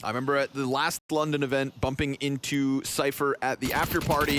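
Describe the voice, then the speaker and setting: A man calling live esports play-by-play with animated, vivid commentary. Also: mid-range voice, brisk, hardly any pauses, noisy background.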